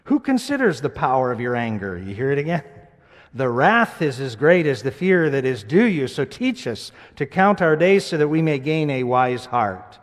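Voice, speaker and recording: A male pastor preaching a sermon, moving between loud, emphatic scripture reading and hushed, quiet reflection. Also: mid-range voice, big pitch swings, normal speed. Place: church sanctuary. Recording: church sanctuary with long reverb.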